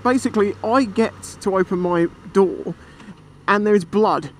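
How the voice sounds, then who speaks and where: A British man vlogging from a motorbike, telling a story in a chatty, animated way and swearing freely. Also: sits high, a little slow. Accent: British English. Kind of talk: casual storytelling while riding. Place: on a motorbike outdoors. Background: traffic and engine noise.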